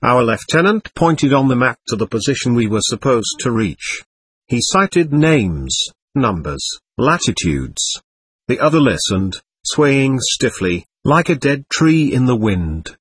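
A man reading a war memoir aloud in scripted audiobook narration, measured and somber. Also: medium pitch, very animated, slightly rough, no room sound.

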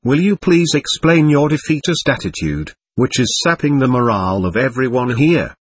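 A man's voice: fairly high pitch, wildly swooping pitch, normal speed, fairly bright tone, husky, dry recording, pitched above the performer's own voice, heavily acted. A man reading the part of a self-assured young recruit who talks in a formal, flowery way, in an audiobook. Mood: insistent.

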